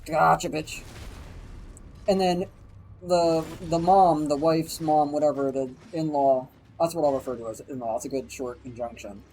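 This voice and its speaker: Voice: medium pitch, steady tone, moderate pace, a little mellow, slight background noise, poor audio. A streamer telling a story in a casual live stream, swearing freely, rambling and acting out the people being quoted.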